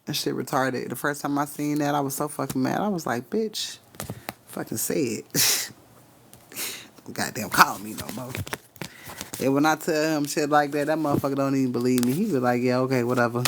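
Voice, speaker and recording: A man's voice: medium pitch, steady tone, normal speed, long pauses, a little hiss or hum. A man giving spiritual readings on a casual live stream, cursing freely, laughing often and talking straight to his chat.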